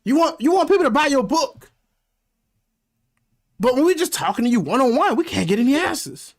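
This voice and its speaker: A man's voice: extremely high pitch, a little fast. A man hosting a reaction video, commenting casually and animatedly with frequent swearing. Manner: animated, profane, laughing asides.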